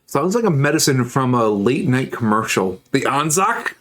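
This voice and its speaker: A man's voice: mid-range voice, big pitch swings, moderate pace, fairly bright tone. Man, streamer, casual livestream chat, model building, rambling, jokey, answers chat. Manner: rambling and joking, reacting to chat messages.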